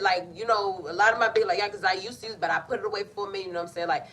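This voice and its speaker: Racing along with few pauses, this tarot reader speaks at a medium pitch with fairly even intonation and a slightly bright tone. She's a young woman giving a playful, chatty reading in loose colloquial language, frequently interrupting herself, recorded on a slightly distant mic with faint noise behind her.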